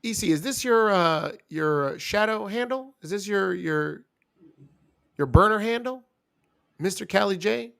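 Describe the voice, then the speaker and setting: A young man with a fairly high voice co-hosts in loose, joking podcast banter. He teases his partner and keeps the talk animated. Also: a little slow, gravelly, clear, resonant tone. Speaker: wrestling review co-host.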